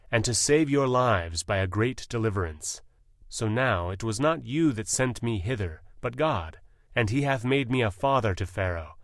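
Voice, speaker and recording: A man reading the lines of a grown ruler who reveals himself to his brothers, in an earnest, measured delivery. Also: mid-range voice, dry recording, studio quality, lightly acted.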